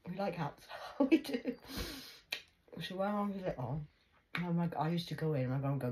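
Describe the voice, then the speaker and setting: A woman's voice: fairly low pitch, brisk, long pauses, background noise. A woman rambling casually about family memories, chatty and jokey, with frequent swearing. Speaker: vlogger. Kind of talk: rambling personal monologue.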